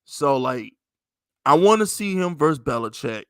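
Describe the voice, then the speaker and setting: A man hosting a casual livestream sports chat, animated and profane, laughing often. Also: a little high, moderate pace, smooth, no echo. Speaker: podcast host.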